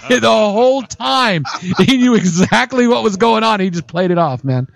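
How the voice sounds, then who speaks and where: High-voiced animated male radio host. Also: a little slow, gravelly. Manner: animated storyteller, mimics voices. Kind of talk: casual radio chat.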